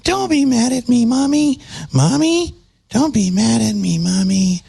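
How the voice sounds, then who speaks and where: A man's voice: animated, measured pace, gravelly, warm tone, slightly rough, heavily acted. A man doing a creepy possessed-doll girl. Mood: whiny pleading. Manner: high squeaky childlike mockery.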